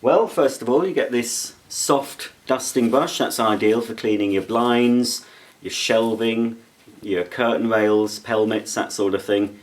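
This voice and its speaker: A man's voice: medium pitch, unhurried. A man giving a chatty, playful product demonstration with jokey asides. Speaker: product reviewer. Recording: roomy echo.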